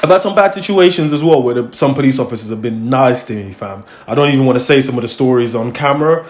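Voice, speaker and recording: A young man with a London accent hosting a casual chat, telling stories in lively, slang-heavy street talk. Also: mid-range voice, fast talker. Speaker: host. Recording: echoey room.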